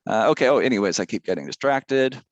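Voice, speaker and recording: A man's voice: mid-range voice, lively intonation, quick pace, no room sound, lo-fi sound. A male teacher giving a casual math lesson, chatty and rambling, drifting into side stories.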